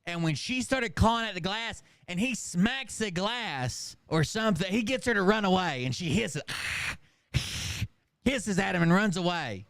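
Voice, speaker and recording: A man casually retelling a movie scene for laughs, animated and profane and cracking up as he goes. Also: sits high, a little slow, no room sound, studio quality. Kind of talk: casual comedic storytelling.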